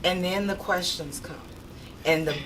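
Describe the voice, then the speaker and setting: Middle-aged teacher lady, low voice, chatty, kinda far from the mic. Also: a little slow, a bit bright. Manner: chatty, laughing. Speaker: teacher and model. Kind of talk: casual panel chat. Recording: distant mic, light room noise.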